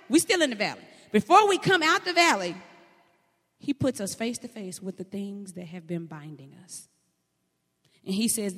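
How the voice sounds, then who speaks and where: A woman preacher, delivering a sermon in a folksy, animated storytelling way. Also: on the high side. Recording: long hall reverb.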